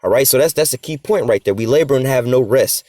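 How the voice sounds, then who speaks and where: A man in his middle pitch who preaches at a quick clip, reading scripture and then breaking it down in loose street talk. He is blunt, swears in passing, and keeps tagging his points with "man" and "whatever, whatnot." His voice sounds dry and close, with no room around it. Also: mellow, no room sound. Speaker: preacher of a religious group. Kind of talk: informal scripture teaching.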